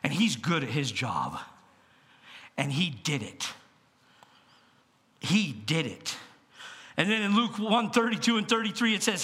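A man preaching as pastor in a church, telling stories with animated swings between hushed asides and loud bursts. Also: high-pitched, normal speed, pauses often. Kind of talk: sermon.

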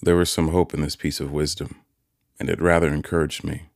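A man narrating a classic novel as an audiobook, measured and steady. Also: a bass voice, creaky, no echo, clean studio sound.

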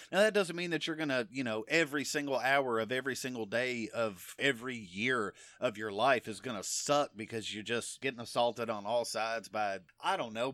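A man's voice: mid-range voice, bright, forceful tone, no room sound, studio quality. A middle-aged man teaching from the Bible in a casual, emphatic way, often checking in with "okay?". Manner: conversational, emphatic, frequent "okay?" check-ins. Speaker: preacher.

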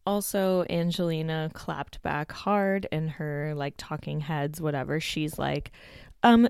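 Snarky woman recapping reality tv, low voice, dry close sound, lots of "like" and swearing. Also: slow pace, creaky, darkish tone, clean tone, dry recording. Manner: blunt, sarcastic, swears a lot, says "like" constantly. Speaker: recap commentator. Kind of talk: casual reality-show recap.

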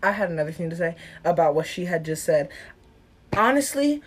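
Animated young woman in casual talk. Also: on the low side, brisk, slightly rough. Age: teens. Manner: animated, mimics other people's voices. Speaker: guest. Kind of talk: casual discussion.

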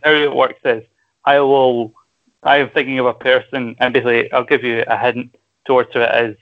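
A man's voice: mid-range voice, creaky, narrow, tinny audio. Scottish man hosting a quiz, crude jokes. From Scotland. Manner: crude, joking, explains rules at length. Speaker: quiz host. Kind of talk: casual podcast quiz.

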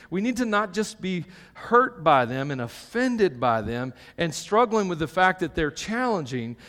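A man's voice: sits high, fairly bright tone. A man preaching a live sermon to a congregation, emphatic, tagging his points with "okay?" and joking asides. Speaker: pastor. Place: church hall with an audience. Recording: long reverb of a church hall.

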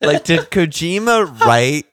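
A man's voice: a little high, big pitch swings, takes it slowly, over music. A man co-hosting a game podcast in a casual, rambling chat, swearing freely. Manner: rambling, loose, swears often, lots of fillers. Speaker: podcast co-host.

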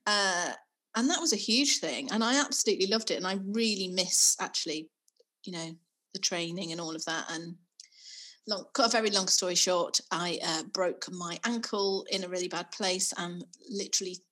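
Middle-aged woman, bright tone, breathy husky edge, self-deprecating, chatty. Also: on the low side, moderate pace. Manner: self-deprecating, laughs often. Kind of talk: casual chat.

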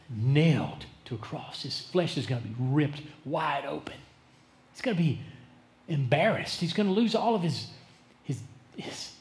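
A male pastor preaching a sermon, dramatic, swinging between loud emphasis and hushed tones. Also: fairly high pitch. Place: church sanctuary. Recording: echoey church sanctuary.

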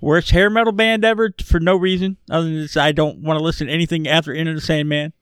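A man rants and jokes his way through a podcast chat, swearing freely. His voice sits a little high and sounds close to the mic with no room around it. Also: steady tone, fast, a bit bright, smooth, dry recording. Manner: ranting, jokey, profane. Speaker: podcast co-host. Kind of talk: casual chat.

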